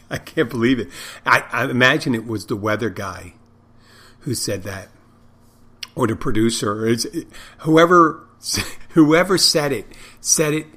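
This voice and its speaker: A man's voice: mid-range voice, a bit bright. A middle-aged man hosting a podcast in a casual, unscripted monologue. He rambles and jokes dryly, chuckling at his own stories. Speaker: podcast host and restaurant owner.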